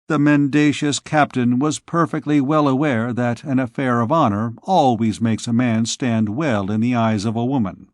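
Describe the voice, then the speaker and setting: A medium-pitched man narrates a classic novel as an audiobook reader, measured and even in his scripted storytelling. The studio sound is clean with no room sound.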